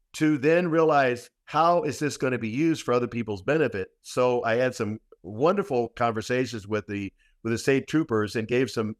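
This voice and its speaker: A man's voice: medium pitch, dry recording, studio quality. A man, a guest practitioner, telling a long story in a podcast interview, emphatic and repetitive with many restarts.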